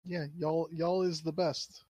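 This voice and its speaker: A young man from Texas chatting casually, with quick reactions and casual swearing. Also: a little high, level tone, darkish tone. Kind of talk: casual chat.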